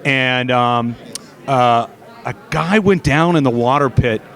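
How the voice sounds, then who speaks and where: A man's voice: mid-range voice, slow, a bit bright. A middle-aged man in a casual interview, telling stories with many fillers and restarts, recorded outdoors at an expo. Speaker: guest, former steeplechaser.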